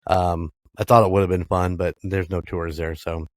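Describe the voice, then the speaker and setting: A man's voice: low-pitched, level tone, moderate pace, no room sound. A man co-hosting a paranormal podcast in casual chat, rambling and swearing freely, laughing often. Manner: profane, laughing, rambling storyteller. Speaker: podcast co-host.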